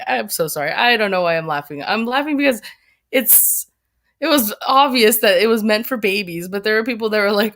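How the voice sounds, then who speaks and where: Speaking briskly at a medium pitch, this female livestream host has a fairly bright tone. She rambles through casual live commentary, chatting loosely and reading the viewer chat aloud.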